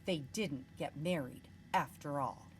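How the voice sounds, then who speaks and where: A woman teacher reading a picture book aloud to children, stopping to ask them questions in an expressive way. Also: low voice, a little slow, slight background noise, poor audio.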